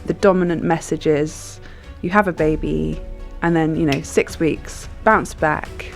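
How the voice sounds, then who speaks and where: A woman in her thirties speaks as an interview guest in a low voice. She thinks out loud and pauses often to find her words. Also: fairly even intonation, vocal fry, soft background music. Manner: thoughtful, reflective, with frequent hesitations. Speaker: author and journalist guest. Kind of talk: conversational interview.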